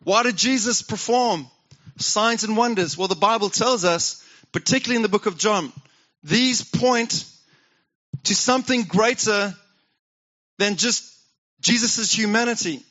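A man's voice: sits high, measured pace, long pauses, sharp tone, lo-fi sound. A man preaching a sermon as pastor, talking conversationally and asking the congregation questions.

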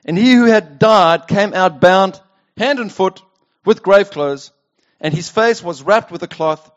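High-voiced man preaching a sermon. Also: a little slow. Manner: conversational, asks the listeners rhetorical questions. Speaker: pastor. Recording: dull lo-fi sound.

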